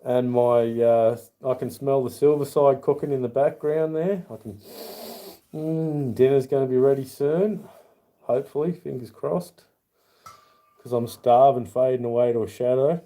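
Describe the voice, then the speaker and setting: An Australian man hosts a casual livestream, rambling amiably while he replies to chat by name and calls people mate. His voice is medium-pitched, mellow, and a little slow.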